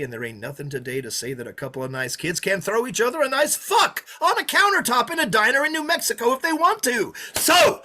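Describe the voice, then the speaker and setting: An actor playing a menacing drifter who taunts his hostages, swinging from loud mockery to hushed threats, in a play reading. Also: high-pitched, heavily acted. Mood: reminiscing. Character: menacing, sneering drifter holding a diner hostage. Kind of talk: play read over a video call.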